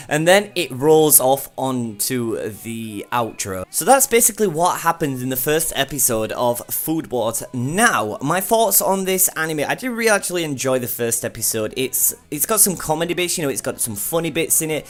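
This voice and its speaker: A man's voice: mid-range voice, expressive, brisk, soft background music. A young man recapping and reviewing an anime episode in a casual, rambling way, full of fillers. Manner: chatty, rambling, with frequent fillers and "like".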